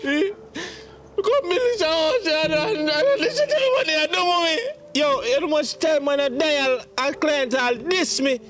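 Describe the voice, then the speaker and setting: A man's voice: very high voice, steady tone, measured pace, few pauses. Man playing a distraught Jamaican son. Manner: pleading, emotional. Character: grown son, hurt and upset with his mother. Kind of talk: comedy skit acting.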